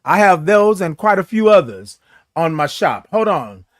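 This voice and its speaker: A playful, flamboyant man hosts a morning livestream, his voice sitting high for a man. He chats loosely with viewers and drags his greetings out long. The sound is close and dry, with no room echo. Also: very animated, unhurried. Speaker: host of a morning livestream show. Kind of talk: casual livestream chat reading viewer comments.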